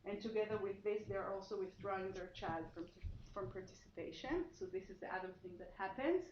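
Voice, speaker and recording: A woman's voice: medium pitch, brisk, a little mellow. A woman giving an academic seminar talk as lecturer, explaining her research and often restarting her sentences as she thinks aloud. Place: seminar room, indoors. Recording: echoey room, dull sound, faint noise.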